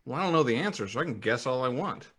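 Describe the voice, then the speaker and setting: A man co-hosting a casual podcast happy hour, reading out viewer comments in a relaxed, halting way with plenty of fillers. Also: mid-range voice, slightly rough. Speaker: podcast co-host. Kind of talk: casual live-stream chat.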